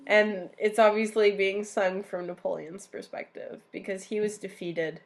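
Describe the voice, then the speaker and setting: A young woman co-hosting a podcast, telling history in a casual, animated way, swearing freely. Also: mid-range voice, a little slow, hardly any pauses. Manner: animated storyteller who swears and acts out quotes. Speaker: podcast co-host.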